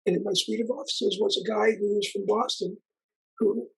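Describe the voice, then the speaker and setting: A man's voice: sits high, flat delivery, normal speed, gravelly, slightly rough, poor audio. A man in his sixties, an interview guest, telling his story in a rambling way with frequent asides and restarts. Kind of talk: conversational storytelling.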